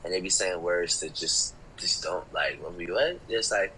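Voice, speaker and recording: A man's voice: deep voice, normal speed, bright, forceful tone, a little hiss or hum, poor audio. A man from Chicago, a musician guest in a casual interview, talking laid-back with lots of slang, fillers and laughter.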